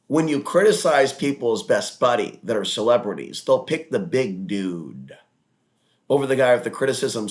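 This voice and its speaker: A man hosting his own online talk show in a rambling, crude, digressive monologue with mocking asides. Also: mid-range voice.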